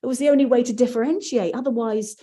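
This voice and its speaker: A woman's voice: a little high, fast talker, mellow. An English woman, an audiobook narrator, chatting casually and explaining with examples. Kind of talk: casual conversation.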